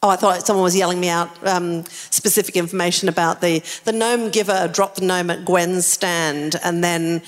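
A woman's voice: fairly low pitch, moderate pace, few pauses, in a large hall. A middle-aged woman telling a funny story in casual chat, laughing often. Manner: laughing, animated anecdote telling. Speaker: podcast co-host. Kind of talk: casual storytelling chat before a live audience.

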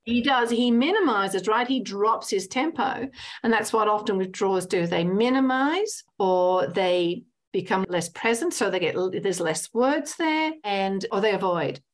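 A woman counsellor and hypnotherapist talking in an interview, animated, often acting out little scenes and adding "right?" to her points. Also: medium pitch, measured pace. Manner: animated, acts out little scenes with lively voices; frequent tag "right?". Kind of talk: conversational interview.

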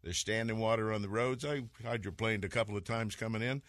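A man's voice: fairly low pitch, steady tone, brisk, fairly bright tone, no echo. A man hosting a radio fishing show from the studio, joking and telling stories in a casual, folksy way. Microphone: studio mic with headphones.

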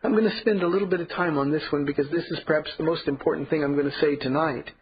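A man's voice: a little high, steady tone, rapid-fire, highs cut off, slight background noise. Earnest male pastor preaching. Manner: earnest preaching with emphatic repetition. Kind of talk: sermon.

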